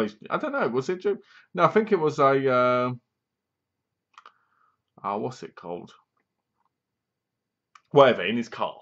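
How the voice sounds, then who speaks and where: A man recapping a horror film's plot in a rambling, casual way, dropping his voice low to quote the characters. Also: dull audio. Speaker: film reviewer.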